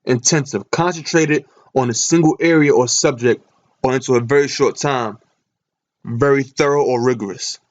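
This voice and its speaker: In this screen-share scripture lesson, a Bible teacher reads from his computer, posing questions and then answering them himself. His voice is medium-pitched and moves at a normal speed.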